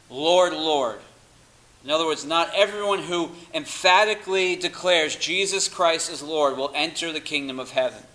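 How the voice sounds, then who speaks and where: A man delivering a sermon in an emphatic preaching manner. His voice is bright and forceful, sitting slightly above the usual male pitch. He reads scripture aloud and presses his points hard. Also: poor audio. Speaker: pastor.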